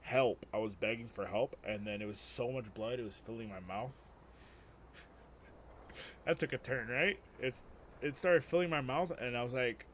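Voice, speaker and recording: A man's voice: medium pitch, normal speed, a little hiss or hum. A man streaming a game, casually chatting and swearing as he tells a long story. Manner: swearing, storytelling, animated retelling. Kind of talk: casual gaming stream chat.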